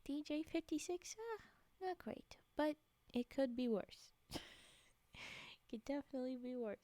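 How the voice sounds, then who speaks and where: A young woman hosting a casual live stream, bubbly and apologetic, often slipping into soft whispery asides as she chats with viewers. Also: sits high, expressive, a little slow, no room sound. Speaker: livestream host.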